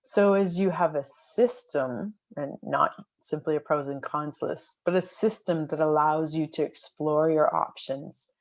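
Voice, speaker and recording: A woman's voice: sits low, steady tone, a little slow, few pauses. A woman coach and podcast host telling a client story in an earnest, reflective way, with many fillers and restarts.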